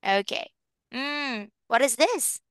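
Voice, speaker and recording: Woman English teacher for a small child, patient and cheery; slow, bright and crisp, dry sound. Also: sits high, animated, no room sound. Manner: patient, encouraging, spells letters slowly, laughs often. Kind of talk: phonics lesson with a young child.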